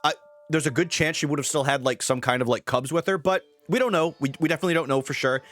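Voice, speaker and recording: A man's voice: on the high side, fast talker, a bit bright, soft background music. A young man chatting casually on a live stream, greeting viewers and rambling with fillers.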